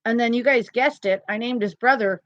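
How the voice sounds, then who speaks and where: A woman's voice: a little high, brisk, fairly bright tone, dry recording. A woman hosting a casual crochet live stream from home, chatty and laughing often. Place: home, indoors. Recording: slightly dull lo-fi sound.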